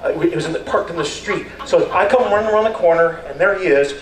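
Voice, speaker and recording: An older man doing rambling, deadpan stand-up storytelling on a stage. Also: high-pitched, fast talker. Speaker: stand-up performer. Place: stage at a community talent show. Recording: echoey hall, voice far from mic, faint ambience.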